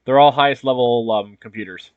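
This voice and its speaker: A man's voice: medium pitch, fairly quick, smooth, no room sound. Young man, tournament host, easygoing, matter-of-fact, dull lo-fi mic, dry. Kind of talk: casual game commentary.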